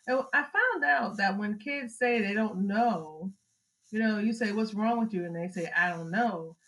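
A middle-aged woman, a mother sharing parenting advice in a casual chat, telling family stories with lively acted-out moments. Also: medium pitch, poor audio. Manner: animated storyteller, acts out family scenes with laughter. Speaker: podcast guest, mother of the host.

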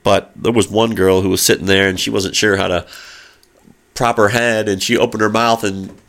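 A man's voice: fairly low pitch, flat delivery, normal speed, fairly bright tone. A middle-aged man telling a long, rambling story in casual chat, with lots of fillers and spoken sound effects.

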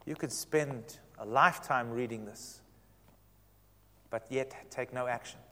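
A man preaching a sermon as pastor, telling a story with animated quoted voices. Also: medium pitch, a little slow. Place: church sanctuary. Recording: long hall reverb.

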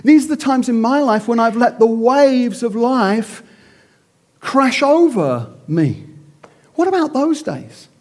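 A man's voice: very high voice, sing-song, slow, a little mellow. A middle-aged man telling a self-mocking story in a theatrical, sermon-like style. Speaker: speaker.

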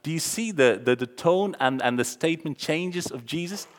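Animated preacher man in a big echoing hall. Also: on the high side, normal speed. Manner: animated, acts out the dialogue with sudden loud exclamations. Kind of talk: sermon. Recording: long hall reverb.

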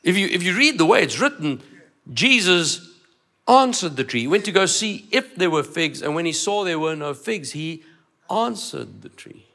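A man's voice: sits high, big pitch swings, normal speed, vocal fry, bright, forceful tone. A man preaching a sermon, emphatic, repeating phrases and acting out dialogue. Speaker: pastor.

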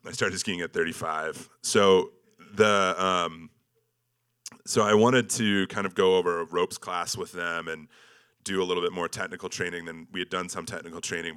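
A man's voice: sits low, bright, forceful tone, smooth. A man giving a casual, joking slideshow talk about an expedition, self-deprecating and full of ums and likes. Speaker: speaker presenting an expedition slideshow.

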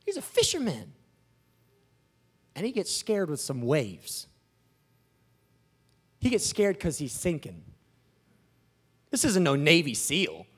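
A man preaching a sermon in an animated, joking, storytelling manner. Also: fairly high pitch, slow, long pauses, husky.

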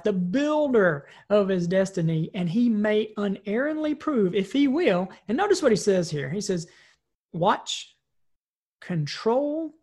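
A woman's voice: medium pitch, dark tone, breathy edge. Woman, personal development trainer, loose conversational delivery, repeats and restarts phrases. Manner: conversational, frequent "right?" tag questions; repeats and restarts words while thinking. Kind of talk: recorded training talk.

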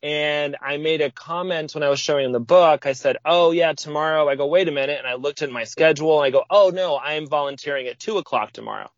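A man on a podcast telling a personal story in a relaxed, casual way, acting out what people said with sudden jumps in pitch. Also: fast, few pauses, no echo. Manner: lively, acts out quoted speech with sudden pitch jumps. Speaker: podcast guest. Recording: dull, dry lo-fi audio.

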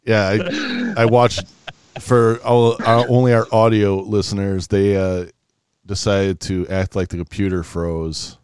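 A man's voice: lowish voice, level tone, a little slow, a little mellow, clear, resonant tone, no echo. A man co-hosting a casual podcast among friends, upbeat and teasing as he jokes along. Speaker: podcast co-host. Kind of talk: casual chat.

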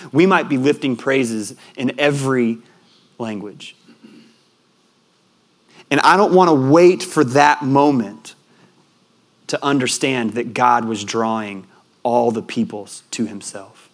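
Male preacher, young adult, earnest storyteller, middle pitch, goes soft and quiet for emotional beats. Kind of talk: sermon with personal story.

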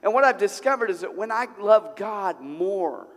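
A male pastor preaching a sermon at a church service, conversational and animated, full of rhetorical questions. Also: high-pitched, moderate pace. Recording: long hall reverb.

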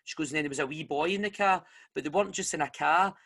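A Scottish man hosting a casual chat, telling a story with lively energy and acting out the voices of the people he quotes. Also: on the high side, fast.

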